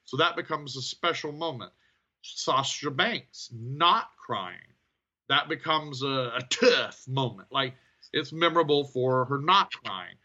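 A man co-hosting a podcast, talking through his thoughts on wrestling in a thoughtful, hesitant way with many pauses. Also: medium pitch, animated, bright, forceful tone, lo-fi sound. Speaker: podcast co-host. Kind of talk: casual wrestling review chat.

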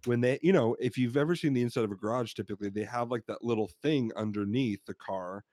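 A man's voice: mid-range voice, fast, darkish tone, dry recording, clean studio sound. A man co-hosting a podcast, telling a rambling anecdote in casual chat and acting out what people said. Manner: rambling anecdotes with laughs, acts out quotes. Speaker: podcast co-host.

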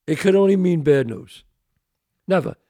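A man's voice: sits high, normal speed. An older man hosting a podcast, talking emphatically in casual chat. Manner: animated, emphatic, gravelly street-guy talk. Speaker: podcast host.

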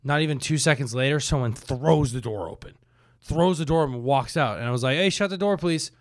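A man's voice: mid-range voice, brisk, no room sound, clean studio sound. A man casually telling a story in a podcast chat, acting out what people said and swearing freely. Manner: animated, acts out quotes, swears freely.

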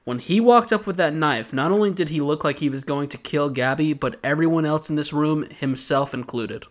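A man's voice: fairly high pitch, moderate pace. A young man from Georgia with a South Georgia accent, co-hosting a podcast with teasing, joking banter. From Georgia, USA. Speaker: podcast co-host. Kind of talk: casual recap chat.

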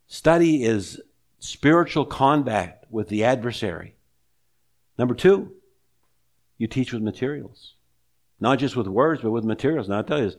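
A man preaching a sermon, emphatic, with rhetorical questions and deliberate pauses. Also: mid-range voice. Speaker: pastor.

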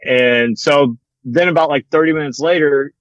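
A young man, a former bat boy, telling a story in casual chat, with lots of fillers and a relaxed manner. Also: a little high, normal speed, dry recording, highs cut off. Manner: relaxed, rambling, many fillers like "like" and "you know".

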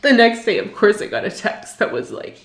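A young woman telling an emotional personal story, halting and distressed, full of fillers and restarts. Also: medium pitch, sing-song, vocal fry, fairly bright tone. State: distressed, near tears.

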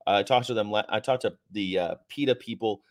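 Man, activist livestream host, low voice, sarcastic and rambling, reads chat. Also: brisk. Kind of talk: casual livestream chat reading viewer comments. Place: hotel room.

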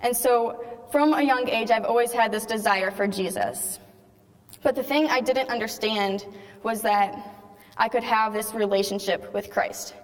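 A woman's voice: on the high side, a little slow. Teen girl telling her story in a reverberant hall. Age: teens. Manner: chatty storytelling, acts out quoted dialogue. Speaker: speaker giving a faith testimony. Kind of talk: personal testimony talk to an audience.

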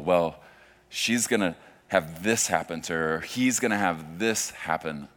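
A pastor in his forties preaches a sermon in a conversational manner, his voice sitting low and swinging between hushed and loud.

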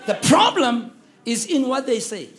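A man preaching a sermon, with emphatic call-and-response delivery and shouted key lines. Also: very high-pitched, very animated, measured pace, a faint crowd.

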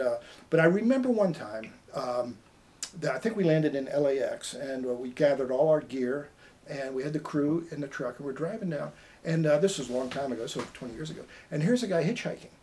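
A middle-aged man from Maine, a former TV hunting show host, telling stories casually as a podcast guest and acting out the voices of the people in them. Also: medium pitch. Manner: animated storyteller who acts out quoted voices. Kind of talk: casual storytelling.

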